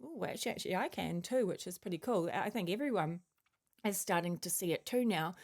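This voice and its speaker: A woman's voice: on the low side, animated, a little fast. Rambling woman musing about spiritual codes. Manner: rambling, filler-heavy, musing; chewing a mint while talking. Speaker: channeler sharing spiritual messages. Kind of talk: casual spiritual monologue.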